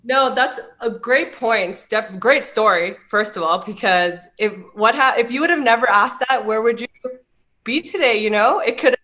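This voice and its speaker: A woman's voice: on the high side, moderate pace, pushed and bright. Encouraging woman host. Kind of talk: casual interview chat.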